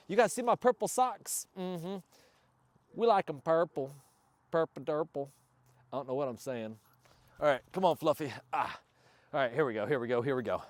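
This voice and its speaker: A man who handles and trains his service dog, chatting upbeat to viewers of a casual training vlog outdoors and praising the dog loudly. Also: fairly high pitch, lively intonation, normal speed, no echo. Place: outdoors, yard or field. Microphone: camera on a stand nearby.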